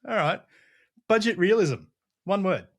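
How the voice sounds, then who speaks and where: A man's voice: sits high, animated, a little slow. Podcast host guy, upbeat, laughs a lot between questions. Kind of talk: casual interview hosting.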